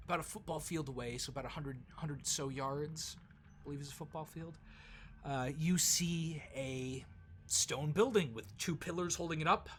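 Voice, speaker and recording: A man's voice: on the high side, normal speed, fairly bright tone, slightly rough. A man narrating a tabletop role-playing game as game master, in a casual, descriptive way with frequent fillers.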